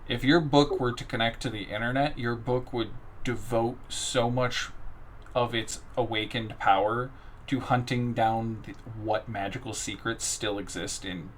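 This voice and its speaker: A man's voice: mid-range voice, fairly even intonation, measured pace, slight background noise. A man narrating and explaining rules as game master in a casual tabletop session. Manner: casual, joking asides.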